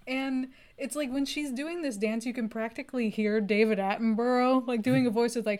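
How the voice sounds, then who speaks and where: Woman, film podcast co-host, slightly high voice, gushing and profane, quick to laugh. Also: a little mellow. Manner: enthusiastic, swears freely, laughs often. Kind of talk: casual film discussion.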